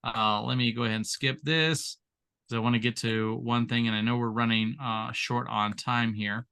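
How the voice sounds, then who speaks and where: Bright-voiced man giving a training talk. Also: medium pitch, fairly even intonation, normal speed, creaky, clear, resonant tone. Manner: earnest, repetitive, emphatic teaching. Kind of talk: training presentation on a video call.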